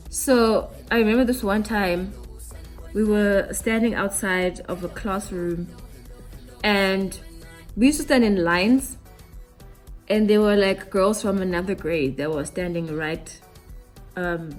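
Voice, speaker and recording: A young woman chats to her viewers in a slangy, candid storytime while she does her makeup. She talks slowly, taking her time over each line, and her voice sits at an ordinary middle pitch. Faint music plays underneath. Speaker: beauty vlogger.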